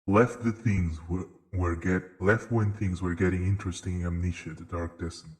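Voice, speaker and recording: A man's voice: low-pitched, fairly even intonation, normal speed, a little mellow. A man streaming a video game with casual live commentary, speaking English in a put-on creepy voice. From Bolivia.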